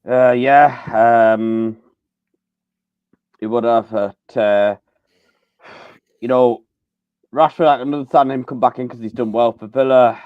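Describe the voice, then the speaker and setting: A man's voice: medium pitch, fairly even intonation, slow, long pauses, clear, resonant tone, dry recording. Male co-host on a live football chat, hesitant, filler-heavy, dull call audio. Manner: hesitant, many ums and uhs.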